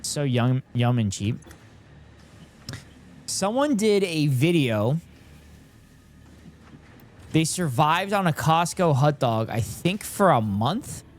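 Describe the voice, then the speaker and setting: A man's voice: on the high side, very animated, slow, pauses often. A man in his thirties chatting casually on a live stream, reading and answering chat in a self-deprecating way.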